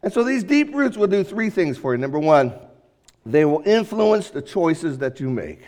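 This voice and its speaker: A pastor preaching a sermon to his congregation, emphatic, swinging from loud stresses to hushed words. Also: a little high, very animated, moderate pace.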